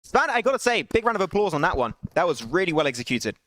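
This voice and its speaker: Fast, high-voiced young male esports caster. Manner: excitable, rising to shouts at big plays, laughing apologies to chat. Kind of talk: solo live esports play-by-play.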